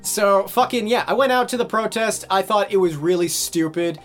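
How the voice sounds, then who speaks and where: A young man casually telling a story in conversation. He swears a lot and acts out quotes loudly. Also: sits high, normal speed, soft background music. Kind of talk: casual chat.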